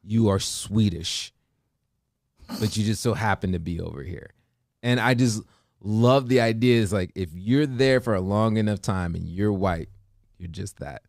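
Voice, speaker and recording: With a gravelly voice on the low side and a slightly slow pace, this American man hosts a morning show in casual conversation. He's animated, mimics others' quotes, and restarts frequently. The sound is clean studio audio without room sound.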